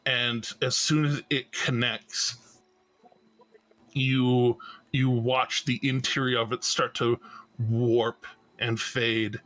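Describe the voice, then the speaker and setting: A man narrating as game master of a tabletop game, halting and restarting often. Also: mid-range voice, little pitch movement, a bit bright, low-quality recording. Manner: slow, halting narration with many fillers and restarts.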